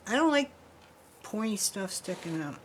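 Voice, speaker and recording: A woman's voice: mid-range voice, very animated, normal speed, slight background noise, rough recording. A woman giving a casual, chatty crafting demonstration in her workshop, rambling a little as she works with her hands. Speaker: jewelry-making instructor.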